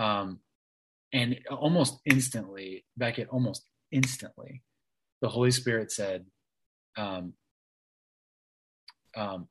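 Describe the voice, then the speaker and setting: A man's voice: lowish voice, takes it slowly, long pauses, fairly bright tone, breathy edge, rough recording. A man in his thirties, a guest in an interview, telling his story casually with lots of restarts and "like" fillers. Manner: chatty, many restarts and "like" fillers.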